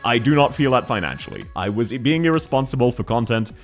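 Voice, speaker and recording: A man chatting casually on a livestream, excitable and quick to laugh, talking fast and loud when worked up. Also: medium pitch, faint music behind. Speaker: streamer.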